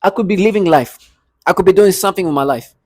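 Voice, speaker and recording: A man's voice: sits high, quick pace, darkish tone, dry recording. A man delivering an agitated, repetitive rant to camera from his apartment, with bitter laughs. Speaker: vlogger. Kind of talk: angry monologue to camera.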